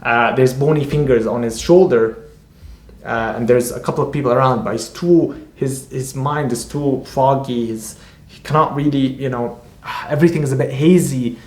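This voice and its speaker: A man, an author, talks through his novel in a loose, rambling way and keeps stopping and restarting mid-sentence. His pitch sits in the middle range. The room has a clear echo. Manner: rambling, halting, many fillers and restarts. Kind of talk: casual book discussion. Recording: echoey room.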